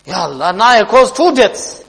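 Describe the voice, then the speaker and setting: A man's voice: high voice, very animated, normal speed, gravelly, fairly bright tone, exaggerated voice. A man playing a devout merchant who owns a parrot, speaking in an emotional, exclamatory way. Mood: grieving. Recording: long hall reverb.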